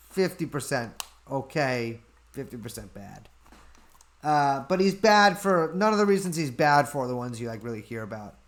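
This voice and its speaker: At a desk mic, a mid-range-voiced man hosts a casual livestream like a podcast host, reading chat questions aloud and answering them in an offhand, deadpan way.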